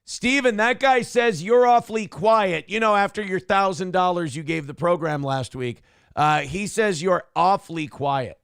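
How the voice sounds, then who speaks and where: A man's voice: sits high, normal speed, gravelly, clear, resonant tone, dry recording, studio quality. A man co-hosting a casual morning talk show, teasing his co-host and reading viewer comments aloud. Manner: teasing, joking, reads chat comments aloud.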